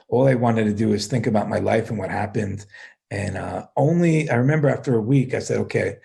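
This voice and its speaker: Middle-aged male guest, gravelly voice with a lot of fry, breaks into laughs as he talks. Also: medium pitch, a little mellow. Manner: laughs often while telling his story, many restarts. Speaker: guest, middle school teacher and life coach. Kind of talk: casual podcast conversation.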